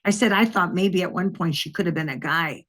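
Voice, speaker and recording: Older woman telling a lively story. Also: fairly low pitch, brisk. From Wisconsin. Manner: lively anecdotal telling, acts out quoted voices. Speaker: guest, retired detective. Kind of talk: storytelling in an interview.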